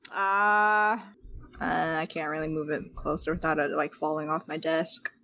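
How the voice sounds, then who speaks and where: A sleepy woman with a lowish voice trading dry quips in casual chat before a game. She speaks over a call on a home microphone, and faint noise sits under her voice. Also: little pitch movement, a little slow, sharp tone. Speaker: player.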